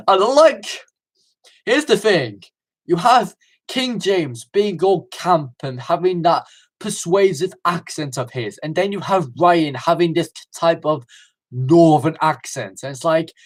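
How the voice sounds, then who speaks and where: Male livestream reviewer, slightly higher voice, eager and rambling with lots of ums. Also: animated, unhurried. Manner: enthusiastic, rambling with many fillers and restarts.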